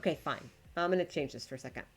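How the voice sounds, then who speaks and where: A woman's voice: low-pitched, rapid-fire, husky, soft background music. A woman streaming live, chatting casually to her viewers and to the game while she builds, swearing when it frustrates her.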